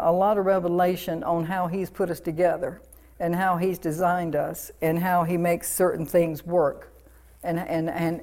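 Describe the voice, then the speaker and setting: A woman's voice: lowish voice, dark tone. Fervent woman pastor preaching. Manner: fervent, declaring and commanding with repeated affirmations. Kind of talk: sermon.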